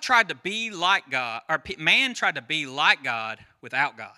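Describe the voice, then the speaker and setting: A pastor in his forties giving a conversational sermon, chatty and quick to quiz the congregation and wander off on side stories. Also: on the high side, sing-song, bright, forceful tone. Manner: chatty, asks the crowd questions, goes off on tangents.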